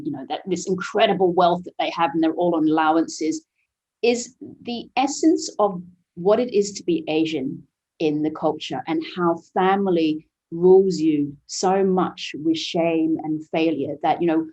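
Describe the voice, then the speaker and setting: Podcast guest: woman, low warm voice, earnest and reflective, self-correcting often. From Vietnamese family raised overseas. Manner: earnest, frequent "you know" and restarts. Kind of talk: podcast interview.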